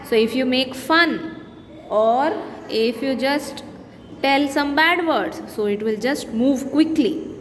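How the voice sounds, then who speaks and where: A woman teacher with an Indian English accent slowly reads lines of a poem and explains them in simple words for young students. Her voice sits high, and the room has long reverb and faint background noise.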